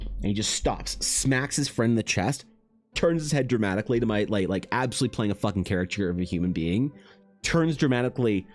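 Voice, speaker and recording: Deep-voiced Canadian man telling a story. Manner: animated, swears casually, many restarts and fillers. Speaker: artist streamer. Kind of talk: casual storytelling on a livestream.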